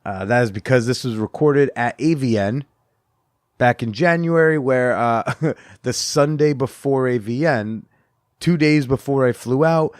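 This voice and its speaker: A man hosting a podcast in casual chat, his voice hoarse and blown out, chatty and self-mocking, laughing often. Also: medium pitch, measured pace, no echo, clean studio sound. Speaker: podcast host.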